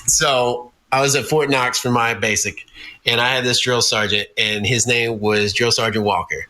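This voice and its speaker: A man's voice: medium pitch, fairly even intonation, moderate pace, pushed and bright, poor audio. A man guesting on a podcast, telling stories in a profane, laughing, casual way.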